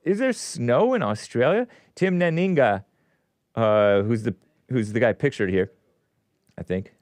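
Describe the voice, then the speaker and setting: Animated sarcastic male host, dry mic. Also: medium pitch, a little slow, no echo. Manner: sarcastic asides, animated ups and downs. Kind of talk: casual commentary reading news aloud.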